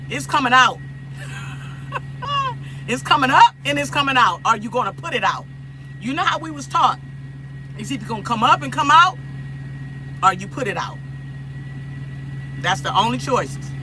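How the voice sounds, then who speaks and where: A woman's voice: high voice, bright, forceful tone, a little hiss or hum, rough recording. A woman from Los Angeles chatting casually with viewers on a phone livestream, repeating herself and laughing often. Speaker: livestream host.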